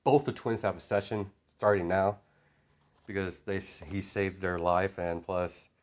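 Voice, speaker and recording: A man's voice: low voice, fairly even intonation, measured pace. A man improvising a fan story as a storyteller, rambling with many fillers and self-corrections.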